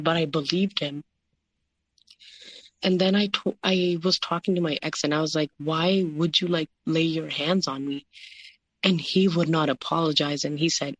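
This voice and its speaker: A woman guest recounting a personal story in an interview, halting and filling her talk with "like" and "you know". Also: deep voice, dry recording.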